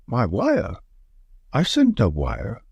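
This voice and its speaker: A man reading as a pompous, indignant clergyman of large build, talking down from his study. The reading is close and dry, with pitch that swings widely. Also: huge pitch swings, takes it slowly, vocal fry, darkish tone, slightly rough, no echo, dull audio, heavily acted.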